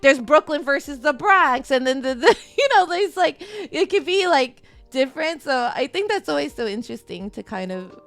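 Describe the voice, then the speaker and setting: A woman's voice: high voice, expressive, normal speed, hardly any pauses, a bit bright, dry recording, faint music behind. A young American woman in casual livestream chat, bubbly and giggly, full of "like" and "you know.". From United States. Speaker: streaming guest. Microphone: remote call audio.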